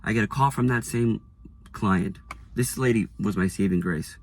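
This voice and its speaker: Deep-voiced man telling a candid story. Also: normal speed. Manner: candid, self-deprecating storytelling. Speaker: real estate agent. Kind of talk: storytelling vlog.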